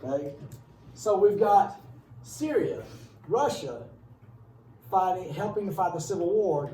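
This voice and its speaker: A man teaching history to a class, talking loosely and breaking off into wry, joking asides. His voice is a touch higher than most men's, with a mellow, dark tone. It is picked up from across an echoey classroom with a faint hum of room noise. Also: distant mic. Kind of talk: casual classroom lecture. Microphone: far camera.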